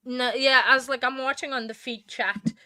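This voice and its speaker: A woman's voice: high-pitched, steady tone, normal speed, pushed and bright, no echo, clean studio sound. Chatty woman hosting a livestream. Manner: chatty, many fillers and restarts. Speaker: livestream host. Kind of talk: casual livestream chat.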